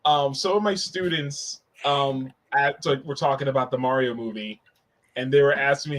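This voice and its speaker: A man's voice: medium pitch, normal speed, a little hiss or hum. A man co-hosting a podcast, joining a casual movie review and telling stories with animation. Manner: animated storyteller, laughs. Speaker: podcast co-host.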